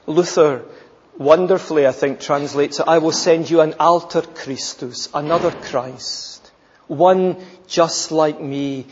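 A man preaching a sermon, emphatic and repeating phrases, often dropping to a soft, intense tone. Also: on the high side, takes it slowly, long reverb tail, lo-fi sound, slight background noise.

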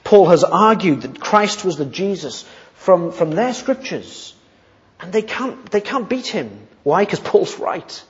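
A man preaching an expository sermon, emphatic and slowing down on key points. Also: sits high, very animated. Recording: muffled sound with long reverb in a hall.

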